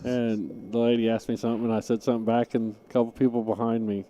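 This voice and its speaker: A man's voice: medium pitch, little pitch movement, quick pace, dark tone, poor audio. A man hosting live pool commentary on a stream, easygoing and often answering with short agreeing replies.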